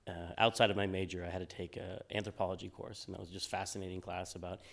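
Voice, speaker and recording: A very low-voiced man in his forties chats as an interview guest. He rambles easily, full of ums and restarts, in a relaxed, unhurried way. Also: vocal fry. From United States. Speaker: game designer guest. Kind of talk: casual interview on stage.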